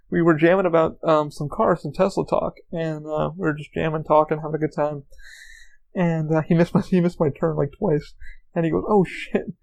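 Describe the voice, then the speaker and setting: A man's voice: on the high side, little pitch movement, moderate pace, gravelly, darkish tone. A man hosting a podcast, telling rambling, profane anecdotes in a casual monologue. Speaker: podcast host.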